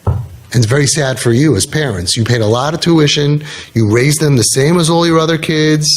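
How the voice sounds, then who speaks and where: A man giving an earnest, conversational talk to parents. He tells stories and often restarts his sentences. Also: medium pitch. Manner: earnest, storytelling, with frequent restarts. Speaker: speaker addressing an audience of parents. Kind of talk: conversational talk to a live audience.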